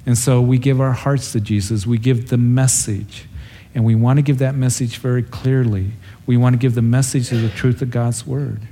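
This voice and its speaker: Male pastor, mid-pitched and mellow, earnest conversational sermon teaching. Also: steady tone, normal speed, a little hiss or hum. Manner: storytelling, acts out the characters with a raised voice. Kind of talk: verse-by-verse Bible teaching.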